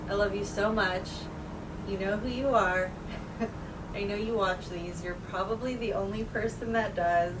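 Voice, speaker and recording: A woman talking casually to the camera in a vlog, relaxed and chatty, trying to enunciate clearly. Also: medium pitch, unhurried, distant mic, background noise. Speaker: vlogger.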